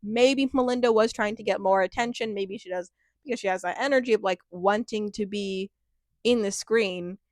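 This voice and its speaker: A woman's voice: mid-range voice, moderate pace, darkish tone, no room sound, studio quality. A woman giving a casual, chatty recap of a reality show, rambling with lots of fillers and acting out quotes with a laugh.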